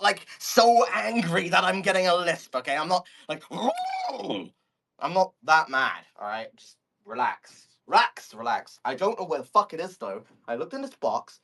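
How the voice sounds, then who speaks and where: A man's voice: on the high side, a bit bright. A man streaming live, talking into a phone microphone from a step away in his room at home, rambling in exasperated, baffled bursts and swearing. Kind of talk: casual live audio chat.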